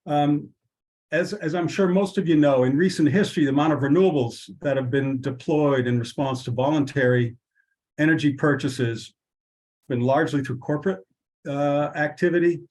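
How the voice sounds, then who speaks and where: A man hosting an online workshop, giving measured opening remarks with fillers and restarts. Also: a little high, a little mellow, poor audio. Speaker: workshop host.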